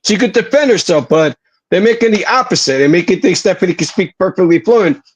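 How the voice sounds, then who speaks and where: Eager, high-voiced male co-host. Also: expressive, breathy edge, no room sound. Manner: eager storytelling with quick asides. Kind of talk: casual panel chat.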